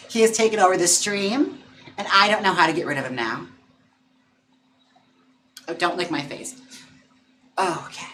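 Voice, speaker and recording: Streaming live from home, a man chats casually and playfully, laughing often and cooing at his dog, coaxing it in a higher voice. He's expressive but slow, pausing often, with a pushed, bright tone and slight background noise.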